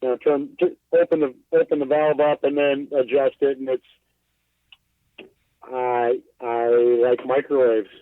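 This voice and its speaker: A man's voice: mid-range voice, flat delivery, measured pace, no room sound. A man talking casually in a podcast interview, loose and self-deprecating with plenty of swearing and filler words, calling in from inside his bus. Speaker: guest glassblower. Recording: tinny phone line.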